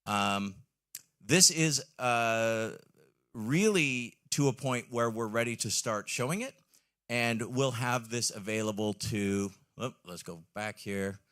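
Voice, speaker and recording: A man's voice: medium pitch, slow, fairly bright tone. A man giving an enthusiastic live product presentation on a trade-show stage, with frequent ums and questions to the audience.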